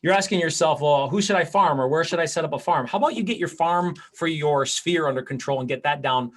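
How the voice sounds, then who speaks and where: Energetic male real estate coach. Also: a little high, fast talker. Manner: energetic, animated, with many restarts. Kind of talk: live class instruction.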